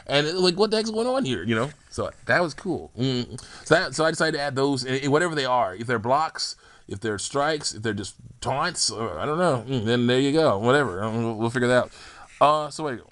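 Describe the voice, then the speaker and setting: Young man, casual game-modding chat, rambling, laughs a lot, mid pitch, dry close sound. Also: expressive, fast, a bit bright, dry recording. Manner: rambling, laughing often, trails off and restarts. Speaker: hobbyist game-character maker. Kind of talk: casual commentary on his game mods.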